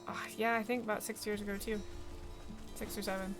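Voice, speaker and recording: A woman streamer chatting casually over her game, rambling and self-deprecating, with a voice at an ordinary pitch. She talks loosely and breaks off her thoughts. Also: flat delivery, a little fast, over music. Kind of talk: casual gameplay chat.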